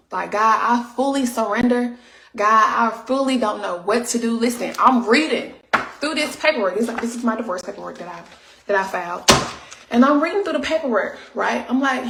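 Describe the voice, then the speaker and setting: A woman's voice: fairly high pitch, animated, brisk, creaky, reverberant, noisy background. A woman speaking in an emotional, preachy way, repeating herself for emphasis. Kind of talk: emotional testimony.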